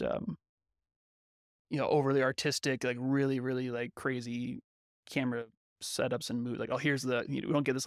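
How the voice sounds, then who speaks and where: A man's voice: medium pitch, dry recording, studio quality. A man co-hosting a podcast in casual discussion, talking in a thoughtful, analytical way and sometimes searching for words. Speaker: podcast co-host.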